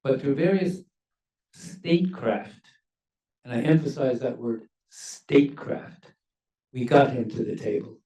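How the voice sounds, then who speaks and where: An older man, a former ambassador, speaking on a university panel in a measured, emphatic way that leans on key words. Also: medium pitch, warm tone. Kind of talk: panel discussion remarks. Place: university lecture hall. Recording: echoey hall, mic at a distance.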